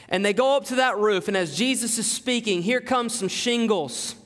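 A man's voice: high voice, fairly bright tone. A male preacher giving a sermon, telling stories and acting out quotes with dramatic emphasis. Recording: long hall reverb.

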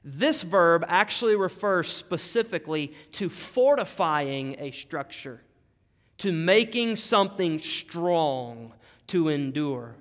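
A man's voice: on the high side, a bit bright. A male pastor preaching a sermon, emphatic and dramatic, repeating key phrases. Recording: long hall reverb.

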